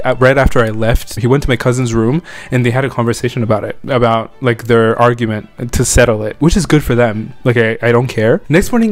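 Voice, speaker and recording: Young guy rambling thru a storytime vlog, normal mid pitch, tons of fillers. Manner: rambling, filler-heavy, frequent "like" and "you know what I mean". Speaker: vlogger telling a personal story. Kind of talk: casual storytime monologue.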